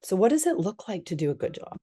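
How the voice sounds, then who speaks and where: A woman's voice: mid-range voice, big pitch swings, fast talker, mellow, slightly rough. A woman physician talking as a podcast guest, animatedly acting out the dialogue she quotes. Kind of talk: conversational podcast interview.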